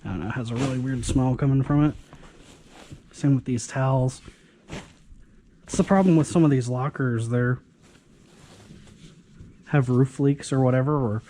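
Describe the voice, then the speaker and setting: Male reseller, mid pitch, warm low-key tone, casual sardonic running commentary while he has hiccups. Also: slight background noise. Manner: offhand, dryly sarcastic remarks. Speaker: storage locker reseller.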